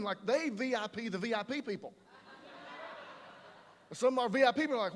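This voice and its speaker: A man preaching a sermon, animated and conversational, slipping into quoted voices. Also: very high-pitched, a little fast, pauses often. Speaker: pastor. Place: large church auditorium. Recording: live church hall reverb.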